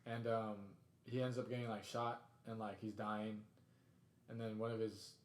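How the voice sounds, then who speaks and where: A man's voice: fairly low pitch, level tone, normal speed. A man co-hosting a casual podcast chat, rambling and laid-back, calling people dude and bro. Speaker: podcast co-host. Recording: roomy echo.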